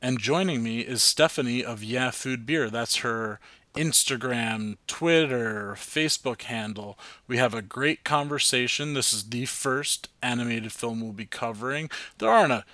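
A man's voice: mid-range voice, measured pace, pushed and bright, no room sound. Rambling, self-mocking male podcast host. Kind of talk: casual podcast chat.

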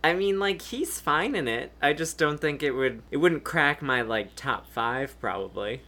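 A man's voice: a little high, expressive, unhurried, bright, forceful tone. A man co-hosting a movie podcast, speaking hesitantly with many fillers in casual chat. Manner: hesitant, lots of "like". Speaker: podcast co-host.

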